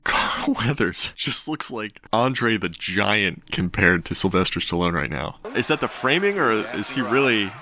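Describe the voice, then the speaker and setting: A man hosting a movie reaction, talking casually and excitedly, often exclaiming and laughing. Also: lowish voice, measured pace, hardly any pauses. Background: film soundtrack playing.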